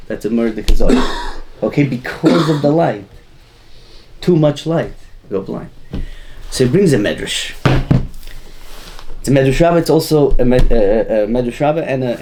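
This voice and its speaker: A man's voice: medium pitch, dark tone. A man giving an informal Torah class, rambling and chuckling as he mixes in Hebrew and Yiddish terms. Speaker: Torah teacher.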